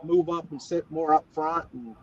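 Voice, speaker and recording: A man's voice: fairly high pitch, moderate pace, slightly rough. Folksy rambling man from West Virginia. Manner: rambling folksy storyteller, many restarts. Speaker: guest, former ballplayer. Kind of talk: casual interview chat. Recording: dull, dry lo-fi audio.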